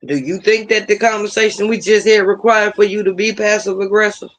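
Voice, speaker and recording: Bright-voiced man pushing back. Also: high voice, fairly even intonation, brisk. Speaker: co-host. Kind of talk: casual chat.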